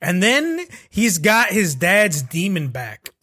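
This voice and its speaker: A man's voice: sits high, sing-song, takes it slowly, sharp tone. A man co-hosting a casual chat about anime, laughing often, swearing freely and retelling scenes in quoted voices.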